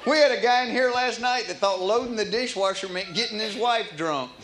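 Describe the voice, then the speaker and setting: A man speaking fairly quickly in a high voice does folksy stand-up, spinning stories in a drawl. The live club recording is roomy, with the audience laughing and making noise in the background.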